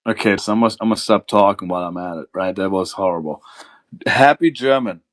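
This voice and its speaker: A man's voice: fairly low pitch, fairly quick. A man hosting a call-in livestream, joking and swearing as he rambles. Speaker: livestream host. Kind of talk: casual call-in stream chat.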